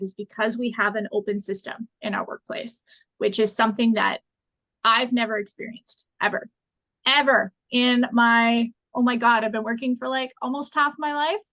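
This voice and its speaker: A woman's voice: fairly high pitch, a bit bright, no room sound, rough recording. Emphatic woman co-host, dry close sound. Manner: earnest and emphatic, repeats for stress. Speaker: podcast co-host. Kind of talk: casual conversation.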